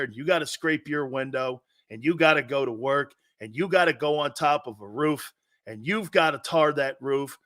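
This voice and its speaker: Fired-up bright-voiced male sports talk host. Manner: fired-up, preachy, repeats for emphasis; swings between loud outbursts and low intense asides. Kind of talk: opinionated sports talk rant.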